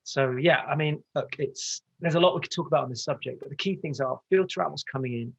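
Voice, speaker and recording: A man's voice: on the high side, vocal fry, breathy edge, lo-fi sound. A male transformational coach from the UK, talking passionately and getting carried away as a podcast guest over a video call. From United Kingdom. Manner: passionate, gets carried away, talks fast. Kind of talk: motivational interview talk.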